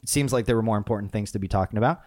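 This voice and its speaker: A man's voice: fairly low pitch, racing. A man casually telling a personal story about leadership, with frequent restarts and acted-out quotes. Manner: conversational, animated retelling with many restarts.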